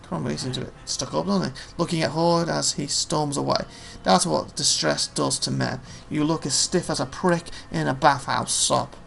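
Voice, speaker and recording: A man playing a story game, reading its text aloud plainly with quick offhand comments. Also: on the high side, steady tone, vocal fry, a bit bright, a little hiss or hum. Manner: reads narration plainly, quick offhand asides. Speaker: let's play host.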